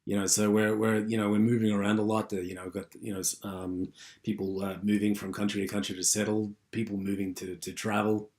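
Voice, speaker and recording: A man's voice: on the low side, completely flat delivery, fairly quick, a little mellow. A man giving an unscripted university lecture, rambling with many fillers and restarts.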